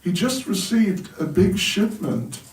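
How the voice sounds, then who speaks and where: A man's voice: high voice, big pitch swings, takes it slowly, pitched above the performer's own voice, heavily acted. A man voicing an eager pleading temple manager. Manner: pleading, persuasive. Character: eager male temple manager bargaining with his teacher. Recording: roomy hall, voice from a distance.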